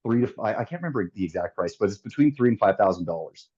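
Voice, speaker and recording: Male guest, Canadian accent, relaxed and easygoing with casual swearing; low voice on a dull, lo-fi recording. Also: very fast, husky. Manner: laid-back, laughs easily, swears. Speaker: podcast guest, singer. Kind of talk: casual chat.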